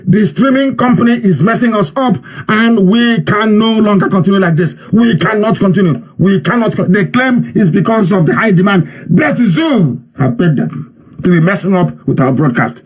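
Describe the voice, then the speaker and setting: A man's voice: sits high, moderate pace. A man with a Nigerian accent giving an impassioned live radio broadcast, mocking and repeating himself for emphasis.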